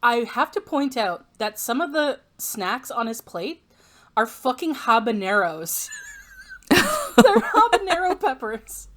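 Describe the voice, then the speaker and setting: A woman's voice: sits high, sing-song, takes it slowly, fairly bright tone. Woman, podcast co-host, casual chat, wry asides.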